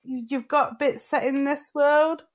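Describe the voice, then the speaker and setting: A woman with a high, light voice chats in an easygoing way on a podcast. She talks over a call mic in relaxed conversation. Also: takes it slowly. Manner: easygoing, laughing often. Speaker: podcast co-host. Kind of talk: casual chat. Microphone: remote call mic.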